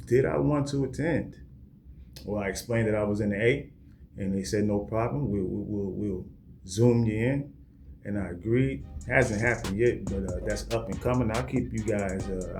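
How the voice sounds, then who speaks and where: A man's voice: fairly low pitch, a little mellow, slight background noise. A man hosting a podcast, telling a personal story in a plainspoken, reflective way. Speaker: podcast host. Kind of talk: casual podcast monologue.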